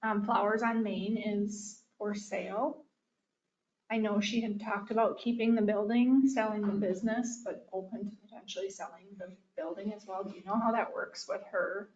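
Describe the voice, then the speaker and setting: A woman chairing a local board meeting in a brisk businesslike way, calling votes and asking questions. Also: mid-range voice, steady tone, a little mellow, echoey room. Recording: dull lo-fi recording with faint noise.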